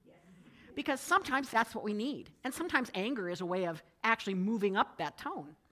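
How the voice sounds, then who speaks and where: Animated woman giving a talk. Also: medium pitch, fast. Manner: lively storytelling, rising with excitement in anecdotes. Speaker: speaker giving a talk to a group. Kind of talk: talk to a live audience with a personal story.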